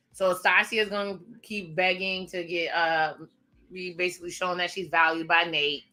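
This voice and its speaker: Sassy, bright-voiced woman reacting. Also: medium pitch. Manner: chatty, sassy asides to viewers, frequent laughs. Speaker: reaction video host. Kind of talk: casual reaction commentary.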